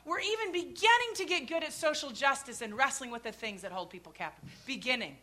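A middle-aged woman preaching, her voice high and bright with a forceful ring. She acts out her stories, swinging between loud calls and quiet, hushed asides. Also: fairly quick. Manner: animated storytelling, acting out scenes with shouts and hushed asides. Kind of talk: sermon with personal stories.

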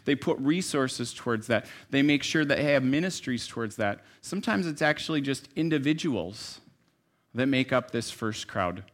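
A man preaching a sermon in a conversational, storytelling way, dropping to soft asides and rising to emphatic lines. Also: medium pitch, animated, normal speed. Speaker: pastor.

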